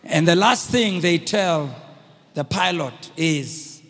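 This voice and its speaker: A man preaching a sermon, moving from hushed storytelling to loud, rousing exhortation. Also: on the high side, expressive, slow pace. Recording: long hall reverb.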